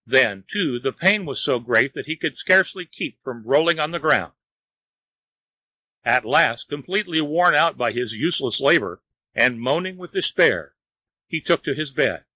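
A man narrating a storybook tale in a measured, even reading voice. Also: a little high, no echo, poor audio.

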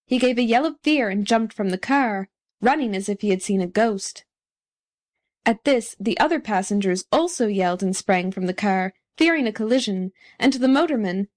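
A woman narrating a storybook audiobook in an even, clear storytelling manner. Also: fairly high pitch.

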